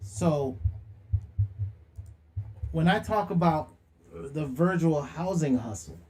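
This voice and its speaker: A man's voice: fairly high pitch, takes it slowly, a little mellow. A young man hosting a livestream monologue, preachy and slangy, firing rhetorical questions and calling people out. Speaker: livestream host.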